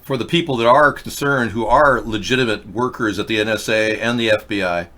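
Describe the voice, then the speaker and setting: Bright-voiced man hosting a ranting talk show. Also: a little fast. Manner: ranting, swinging between loud high outbursts and low mutters. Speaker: political talk show host. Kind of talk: rambling live-stream monologue.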